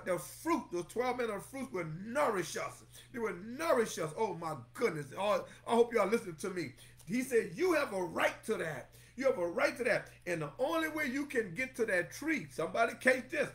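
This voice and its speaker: High-voiced, lively fervent male preacher. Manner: fervent preaching, repeats phrases and calls on listeners by name. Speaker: pastor. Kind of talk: sermon.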